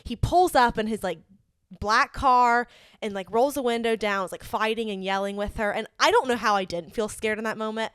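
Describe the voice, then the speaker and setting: A woman's voice: a little high, normal speed, fairly bright tone, clean tone, no echo, clean studio sound. A young woman co-hosting a podcast, telling a personal story in casual chat, earnest and full of "like" fillers. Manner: chatty, many "like" fillers, earnest. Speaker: podcast co-host.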